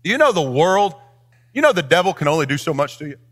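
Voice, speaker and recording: A man preaching in a church with a high, bright voice that swoops widely in pitch. He lifts his phrases into a sing-song cadence and addresses the congregation directly. It is an animated, expressive pulpit delivery. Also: fast talker, slightly rough. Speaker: pastor. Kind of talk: sermon.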